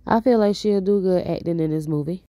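Low, mellow-voiced woman host. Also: a little fast, no echo, studio quality. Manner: chatty, talks straight to viewers. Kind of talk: casual commentary to viewers.

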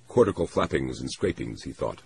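Brief: low male reader, lively and expressive, measured novel narration. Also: gravelly, a little hiss or hum, rough recording. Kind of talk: novel read aloud.

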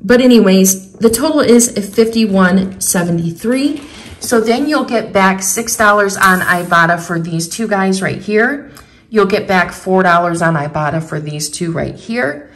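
A woman's voice: medium pitch, expressive, a little slow. A woman vlogger chatting casually as she goes through a shopping haul, reading out prices and rebates item by item. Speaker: couponing vlogger.

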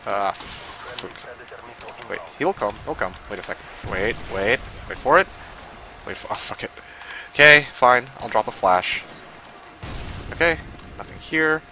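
A man giving casual live commentary while playing an online shooter, muttering, swearing and breaking into yells and laughter. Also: medium pitch, unhurried, long pauses, slight background noise. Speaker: gaming livestreamer.

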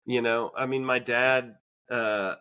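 A man's voice: mid-range voice, steady tone, slow, sharp tone. A man co-hosting a podcast, talking in a casual, reflective way with many fillers and restarts. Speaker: podcast co-host. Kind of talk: casual conversation.

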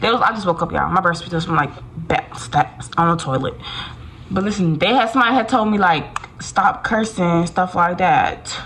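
A woman's voice: fairly low pitch, normal speed, fairly bright tone, a little hiss or hum, rough recording. A woman chatting casually to her phone camera in a vlog, slangy and full of fillers. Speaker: vlogger.

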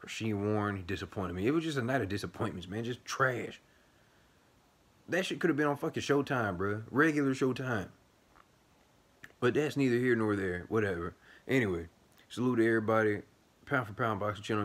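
A man's voice: on the low side, fairly quick. Blunt, profane man venting about boxing. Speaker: boxing channel host. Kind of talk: casual post-fight commentary vlog.

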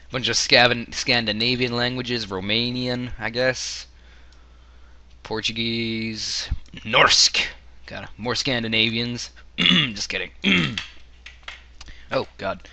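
A Canadian man with a hoarse voice, half losing it, rambling through casual game commentary with joking asides. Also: medium pitch, slow, long pauses, pushed and bright, slight background noise. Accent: Canadian English. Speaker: gaming video creator.

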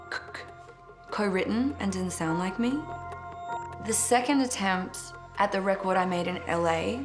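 An Australian woman with a slightly low voice speaks openly in an interview, catching now and then on a stutter. She laughs at herself along the way. Soft music plays under her words. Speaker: singer being interviewed. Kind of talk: reflective interview.

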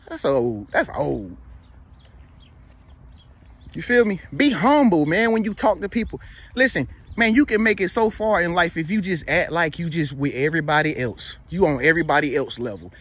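A man's voice: a little high, animated, normal speed, fairly bright tone. A man in his thirties giving casual motivational advice, preachy and repetitive, who keeps checking in with "you feel me.". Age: 30s. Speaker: motivational vlogger.

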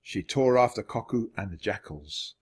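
Expressive man reading a children's book. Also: moderate pace, slightly rough. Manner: expressive, varied pitch. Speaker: audiobook reader. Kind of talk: children's audiobook narration.

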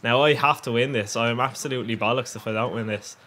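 Speaking quickly in a mid-range voice, a young gaming YouTuber commentates on football gameplay. His delivery is excitable and rambling, with lots of laughter and frequent swearing.

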